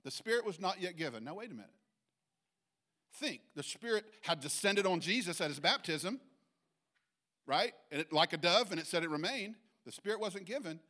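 A man teaches from scripture in a relaxed, conversational sermon. His voice sits a little high for a man. He reads verses slowly and keeps asking the listeners whether they are following along. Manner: bursts into loud acted shouts when quoting. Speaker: pastor.

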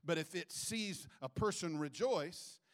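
A man preaching a sermon in church, animated and acting out little quoted voices as he goes. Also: a little slow. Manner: animated, acts out quotes with sudden pitch jumps. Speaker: pastor.

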